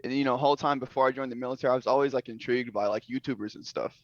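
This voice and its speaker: A young man and former soldier, a guest telling his story in a relaxed, laid-back way with many fillers, heard over a call. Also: medium pitch, rapid-fire, dry recording. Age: young adult. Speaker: guest streamer. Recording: dull lo-fi call audio.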